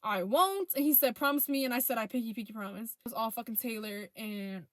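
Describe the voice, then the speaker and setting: A young woman casually retelling a breakup through text messages, profane and animated. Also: on the high side, a little fast, no echo. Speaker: storyteller. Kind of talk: casual storytime vlog.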